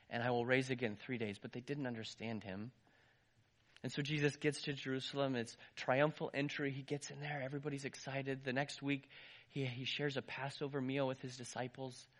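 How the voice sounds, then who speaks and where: A man preaching a sermon, retelling a story lively, his voice rising and dropping with some restarts. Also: medium pitch. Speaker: pastor.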